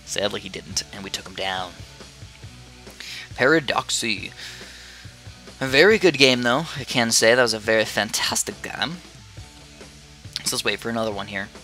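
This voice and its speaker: A man's voice: on the low side, moderate pace, pauses often, sharp tone, faint music behind. A young man giving rambling, casual commentary over a game he is playing, with many fillers and restarts. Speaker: gaming video creator.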